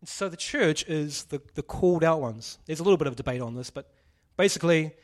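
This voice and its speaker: A man's voice: on the high side, lively intonation, brisk. A man preaching a casual sermon, joking and putting questions to the congregation. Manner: chatty, jokey, asks the audience questions.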